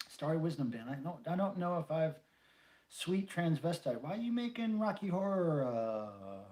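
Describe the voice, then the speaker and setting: Casual livestream host, middle-aged man, banters and reads chat, slightly raised pitch. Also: darkish tone. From North Carolina, USA. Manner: chatty, jokey, reads viewer comments aloud. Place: home room.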